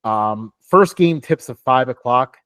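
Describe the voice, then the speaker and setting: A man's voice: medium pitch, lively intonation, slow, fairly bright tone, no echo, clean studio sound. A young man co-hosting a casual sports talk show, rambling with lots of fillers and laughs. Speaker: podcast co-host.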